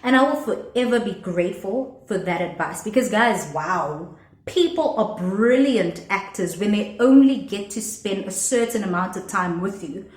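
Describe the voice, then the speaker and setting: A young South African woman telling a storytime vlog in a sassy, animated way, dropping in Zulu slang. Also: medium pitch, normal speed. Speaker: vlogger. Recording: echoey room.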